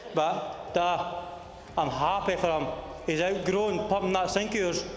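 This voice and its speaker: A young Scottish best man with a high voice, teasing and joking through his speech and mimicking voices in his stories. He is heard in an echoey hall with a long reverb. A crowd is clearly heard around him.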